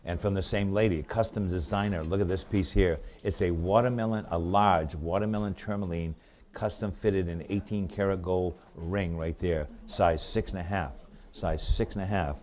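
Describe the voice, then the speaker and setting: A low, dark-voiced man with a New England accent calls a live auction. He rattles off bids in quick repeated runs, then slows down for friendly remarks about each piece. His tone stays mellow and relaxed. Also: a little hiss or hum. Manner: rapid repetitive bid calling with chatty asides.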